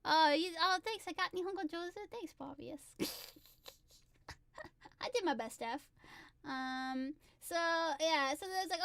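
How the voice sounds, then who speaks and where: A young woman chatting on a livestream, excitable and giggly, gushing about songwriting. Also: very high voice, unhurried, pauses often, dry recording. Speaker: singer-songwriter streamer. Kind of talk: casual livestream chat.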